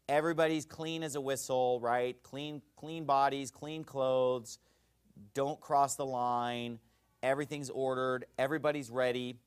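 A man preaching an expository sermon, animated and folksy, often checking in with his listeners. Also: medium pitch, clear, resonant tone.

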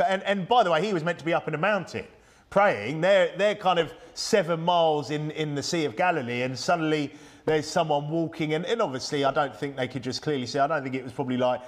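A man preaching a Bible-study sermon in a conversational way, full of rhetorical questions and reading old-style scripture aloud. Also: medium pitch.

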